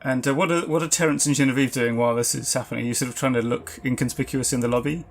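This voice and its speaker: A man's voice: mid-range voice, fairly even intonation, rapid-fire, slight background noise. A man narrating as game master of a tabletop game, describing scenes loosely with fillers.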